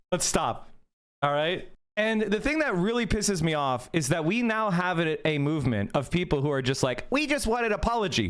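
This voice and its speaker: A man's voice: high voice, a bit bright. A man streaming live, reacting to a clip with heated, profane political ranting. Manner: heated, swearing, rapid ranting.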